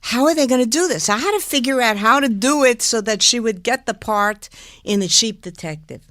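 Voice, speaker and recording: Animated older woman telling showbiz stories. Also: on the high side, no room sound, clean studio sound. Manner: animated, laughing, demonstrates speech with drawn-out sounds. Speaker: guest impressionist. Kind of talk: anecdotal interview storytelling.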